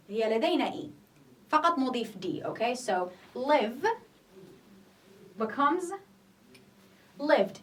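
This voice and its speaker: A woman's voice: fairly high pitch, fairly bright tone, distant mic. A woman teaching an English grammar lesson, explaining patiently, repeating each point and checking in with "okay?". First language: not Arabic.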